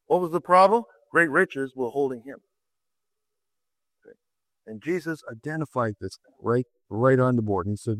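A man's voice: lively intonation, a little fast, no room sound, rough recording. A man preaching a sermon, telling a Bible story with dramatic swings in his voice and asking the listeners rhetorical questions. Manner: dramatic, swings pitch to act out quoted voices.

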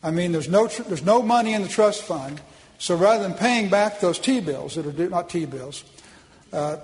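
A man's voice: high voice, a little mellow, in a large hall, rough recording. A man from Oklahoma giving a public speech with slides at a policy conference, folksy and emphatic, often restarting his sentences.

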